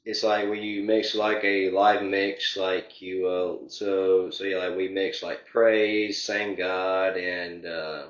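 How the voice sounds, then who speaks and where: Deep-voiced young man, rambling. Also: flat delivery, slow pace, hardly any pauses, echoey room, muffled recording. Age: young adult. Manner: rambling, heavy filler words. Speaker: interview guest. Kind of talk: casual interview.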